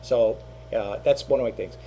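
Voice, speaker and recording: A man's voice: medium pitch, normal speed, mellow, breathy edge. A middle-aged man talking casually to his channel as an online reseller, rambling and repeating himself, with lots of fillers. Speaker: eBay reseller and YouTuber. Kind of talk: casual talking-head monologue.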